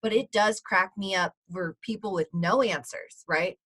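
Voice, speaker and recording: A woman co-hosting a podcast, talking in a rambling, animated way with lots of fillers. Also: mid-range voice, moderate pace, slightly rough. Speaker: podcast co-host. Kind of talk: casual podcast chat.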